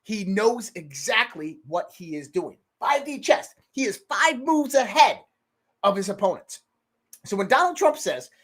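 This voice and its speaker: A man hosting a casual political commentary show, animated and swearing freely. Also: high voice. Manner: animated, swears freely, mimics others in raised voice. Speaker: podcast host.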